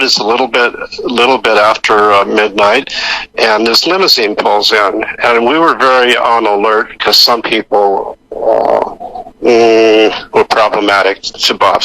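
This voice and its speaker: A man's voice: fairly low pitch, pushed and bright, low-quality recording. An older man telling rambling anecdotes full of fillers and restarts as a guest in a radio interview. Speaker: actor guest. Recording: radio broadcast recording.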